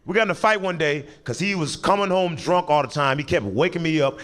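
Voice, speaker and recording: A man in his thirties telling a stand-up story in an animated way, stumbling over words and laughing as he goes. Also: fairly high pitch, a little fast. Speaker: stand-up comedian. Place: stage in a comedy venue.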